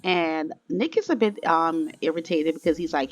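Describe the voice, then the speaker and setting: A woman's voice: sits low, normal speed, hardly any pauses. Chatty woman narrating a life sim game. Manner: chatty, addresses viewers as y'all. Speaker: let's play creator. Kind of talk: casual gameplay narration.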